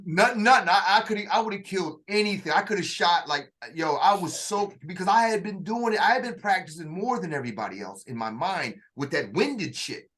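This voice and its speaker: A man casually telling a story in conversation, animated and full of slang, with vocal sound effects. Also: high-pitched, a little fast, few pauses. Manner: uses slang and restarts. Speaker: storyteller in a two-man dialogue.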